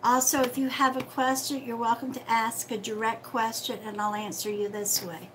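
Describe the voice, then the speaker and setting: A woman's voice: fairly high pitch, flat delivery, normal speed, background noise. A woman hosting a casual livestream as a psychic reader, chatty and friendly, calling viewers sweetheart.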